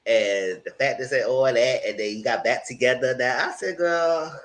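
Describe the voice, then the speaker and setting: A man giving casual, gossipy reality TV commentary, animated and freely profane. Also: mid-range voice, moderate pace.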